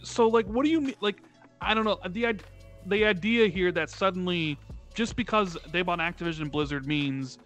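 A man with a bright, sharp voice pitched a little high, talking casually on a gaming podcast. He rambles with fillers and asks rhetorical questions. Faint music sits underneath. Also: normal speed. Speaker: podcast guest.

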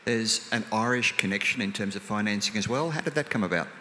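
Bright-voiced male interviewer in a hall. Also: on the low side, fast talker. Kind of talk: live onstage interview. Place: hall before a live audience. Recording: long hall reverb, faint noise.

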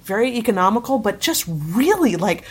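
Husky woman chatting with enthusiasm. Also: medium pitch, animated, normal speed. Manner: enthusiastic, laughs often, rambling. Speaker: podcast co-host. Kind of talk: casual chat.

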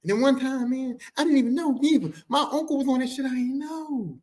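High-voiced man telling a profane story. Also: brisk. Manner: animated, profane, shifts into character voices. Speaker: podcast host. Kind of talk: comic personal storytelling.

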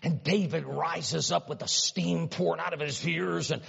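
High-voiced preacher in an echoing hall. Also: male voice, steady tone, moderate pace, creaky, slightly rough. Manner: dramatic storytelling, swinging from hushed low lines to loud high exclamations. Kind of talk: sermon. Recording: dull sound with long reverb in a hall.

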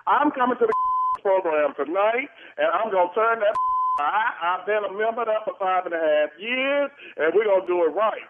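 A man's voice: sits high, lively intonation, normal speed, very noisy. A man on a phone call, sassy, defiant and dramatic, arguing back at the caller. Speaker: choir director being pranked. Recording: tinny phone line.

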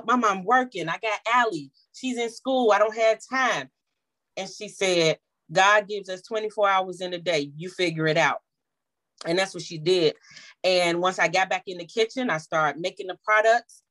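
A woman in her thirties telling a personal family story, bringing the voices of her relatives to life. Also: mid-range voice. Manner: animated, acts out the voices of family members. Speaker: small business owner.

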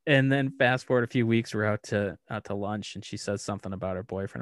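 A man casually telling deadpan stories about his daughter, acting out both sides of the dialogue. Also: mid-range voice, a little fast, no echo, studio quality. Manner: deadpan storyteller who acts out dialogue. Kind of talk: casual chat.

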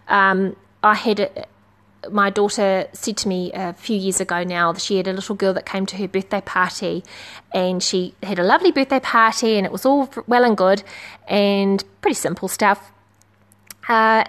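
A woman's voice: medium pitch, a bit bright. A woman talking casually and earnestly about parenting, with frequent fillers. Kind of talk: casual advice talk.

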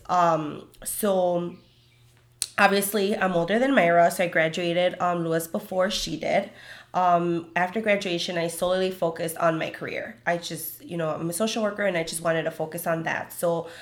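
A young woman co-hosting a casual chat with a friend, telling stories with lots of quoted voices in a chatty, animated way. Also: lowish voice. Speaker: podcast co-host.

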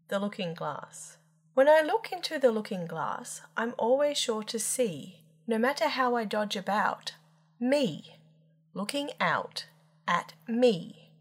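A woman's voice: mid-range voice, slightly rough. A woman storyteller reading children's rhyming poems aloud with lilting, playful emphasis.

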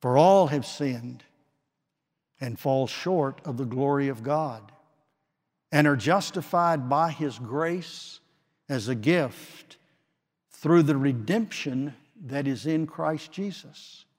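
A man preaching a sermon with slow, dramatic delivery and long pauses, swinging from forceful declarations to hushed, quiet phrases. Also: mid-range voice. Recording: long reverb of a large hall.

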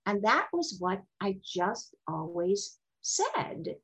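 Husky older woman telling lively stories. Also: takes it slowly, few pauses, highs cut off. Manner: expressive, jumps into high voices when quoting. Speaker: sexologist and guest. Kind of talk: animated interview storytelling.

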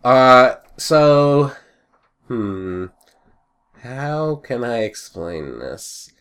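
A young man chatting casually on a podcast, rambling and joking, and acting out little shouted scenes. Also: mid-range voice, big pitch swings, very slow, smooth. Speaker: podcast host. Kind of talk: casual chat.

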